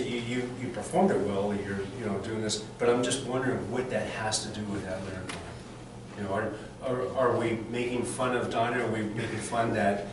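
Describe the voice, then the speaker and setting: Man coaching a chorus in an echoey room. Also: fairly low pitch. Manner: sings phrases to demonstrate, many restarts. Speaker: vocal coach. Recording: echoey room, mic far off, background noise.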